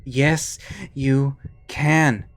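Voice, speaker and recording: A man voicing a calm young male friend who coaxes and soothes, in a visual novel. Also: medium pitch, drawn-out words, pitched above the performer's own voice. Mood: soothing. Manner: soothing, coaxing.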